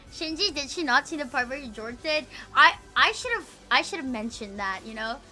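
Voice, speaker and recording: A woman's voice: high voice, expressive, unhurried, bright, forceful tone, soft background music. A woman streamer in casual livestream chat, rambling, swearing a lot and breaking into giggles.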